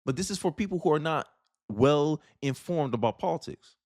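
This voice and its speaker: A man's voice: on the high side, lively intonation, normal speed, a little mellow. A man giving emphatic, informal political commentary in a vlog, often throwing rhetorical questions at his viewers.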